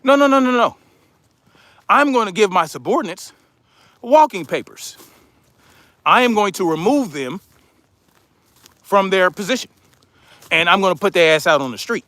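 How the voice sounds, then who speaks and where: A man's voice: high voice, animated, moderate pace, pauses often, a bit bright, dry recording. A man hosting a livestream who rants in a heated, profane, mocking way. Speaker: livestream commentary host. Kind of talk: casual livestream rant.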